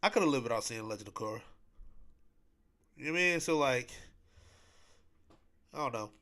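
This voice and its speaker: A man's voice: mid-range voice, lively intonation, normal speed, pushed and bright. A man hosting a podcast, chatting casually in a rambling, repetitive way with lots of slang and fillers. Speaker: podcast host. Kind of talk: casual solo podcast chat.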